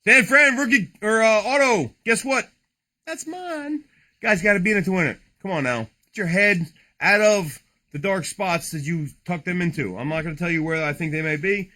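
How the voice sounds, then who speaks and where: A man's voice: sits high, normal speed, bright, forceful tone. A man hosting a late-night card break, joking, rambling and swearing as he opens packs. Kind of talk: casual livestream card break.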